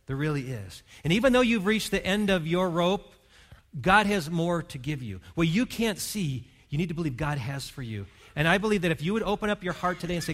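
A man's voice: on the high side, lively intonation, a little fast, a bit bright. A man preaching a sermon as pastor, earnest and pastoral, leading his congregation in prayer and reading. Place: church hall.

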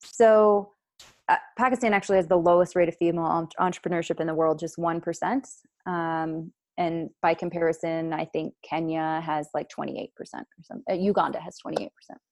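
A woman's voice: fairly low pitch, fairly even intonation, brisk, dry recording, studio quality. A woman who leads a nonprofit program, answering interview questions in an earnest, explanatory way with many fillers.

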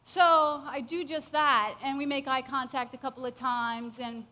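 A woman telling a personal story to an audience, animated and laughing often as she acts out what people said. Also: high-pitched, a little slow.

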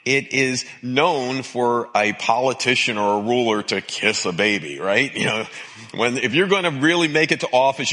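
A man preaching a sermon as pastor, with emphatic repetition and an expressive delivery. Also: medium pitch.

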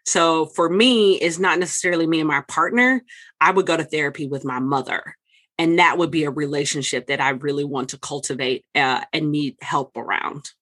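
Podcast host, explaining to listeners, brisk, clear, mid-pitched voice. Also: pushed and bright.

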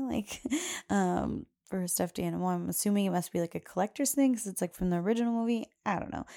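A woman's voice: on the low side, vocal fry, dark tone. A young adult woman hosting a podcast, telling a casual story and quoting her little daughter in a raised voice. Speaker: podcast host.

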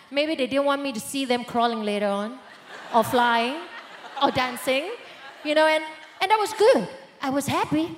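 A woman pastor giving a sermon testimony, telling her story with animated swings between loud bursts and hushed lines. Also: high-pitched, roomy sound.

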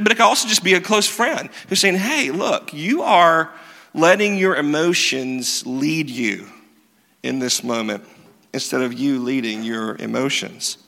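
A man delivers a sermon with a bright, slightly high voice. He moves between earnest teaching and self-mocking stories, leaning on emphatic repeats. The sound rings out with the long reverb of a large hall. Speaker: pastor.

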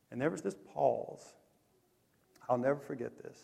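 A male pastor with a drawl delivers a sermon in a casual, storytelling way. His voice sits somewhat high, and his loudness swings from hushed to punchy. A long reverb trails every phrase, as in a large hall. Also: brisk, creaky, breathy edge. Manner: animated, conversational storytelling with lively swings in loudness.

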